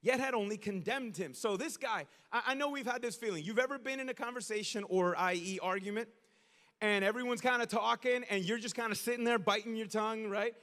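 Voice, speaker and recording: Male pastor, sermon, animated slangy storytelling, high voice, long reverb. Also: quick pace.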